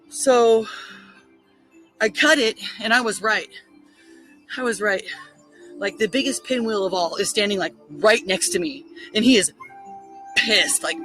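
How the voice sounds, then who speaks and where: A woman casually telling a story, excitable and full of "like" fillers, acting out her own thoughts in quotes. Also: medium pitch, rough recording. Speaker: spiritual storyteller.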